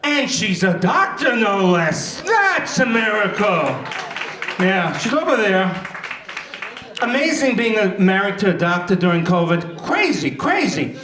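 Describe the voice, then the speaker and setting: Middle-aged new guy doing stand-up, high voice, echoey hall. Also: measured pace. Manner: animated, jumps into shouted high voices for punchlines. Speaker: stand-up comedian. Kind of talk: stand-up comedy set. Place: event hall before an audience. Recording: echoey live room.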